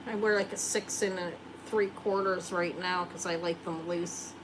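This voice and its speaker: A woman's voice: on the low side, fairly even intonation, measured pace, noisy background. A woman hosting a live jewelry sale, chatting casually and joking while she shows rings.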